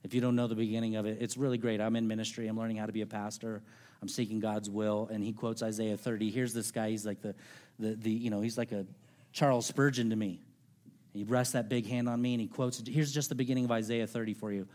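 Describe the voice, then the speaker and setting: A middle-aged male pastor preaching a sermon, telling a personal story with earnest, conversational delivery that drops to quiet, intimate tones. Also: lowish voice, flat delivery, fast talker.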